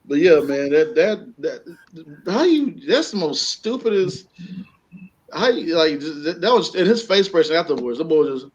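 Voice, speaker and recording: Animated male podcast host, lo-fi. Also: on the high side, moderate pace. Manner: animated, acts out voices while joking. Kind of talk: casual comedic chat. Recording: slightly dull lo-fi sound.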